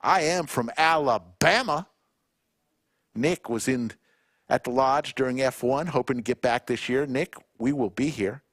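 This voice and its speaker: A man hosting a live poker stream in a poker room, chatting casually and reading out viewer shout-outs one by one. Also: mid-range voice, no room sound, clean studio sound. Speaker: poker livestream commentator.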